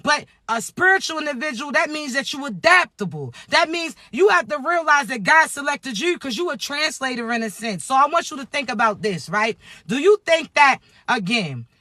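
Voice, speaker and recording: A man, talking loudly and bluntly about spirituality, cussing freely as he preaches. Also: very high-pitched, expressive, moderate pace, hardly any pauses, dry recording. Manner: loud, preachy, streetwise, frequent cursing. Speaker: spiritual vlogger. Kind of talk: casual spiritual talk to camera.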